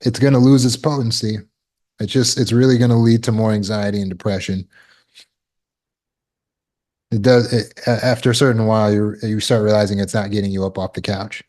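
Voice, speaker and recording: A man's voice: lowish voice, flat delivery, brisk, a little mellow. A man giving a motivational talk as a self-help teacher, emphatic and repetitive, explaining with everyday examples.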